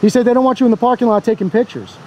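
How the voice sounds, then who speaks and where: Outdoors by a parking lot, a First Amendment auditor films himself and gives blunt, sarcastic, casual commentary to the camera, swearing now and then. His voice is very high, very fast, and mellow. The sound is lo-fi, with slight background noise.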